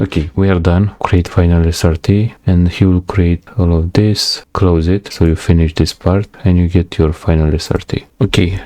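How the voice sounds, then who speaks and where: Deep flat-voiced man with a non-native accent. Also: dry recording. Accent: non-native English. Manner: thinks aloud while clicking through a program, halting phrasing. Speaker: software tutorial creator. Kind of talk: screen-recorded software walkthrough.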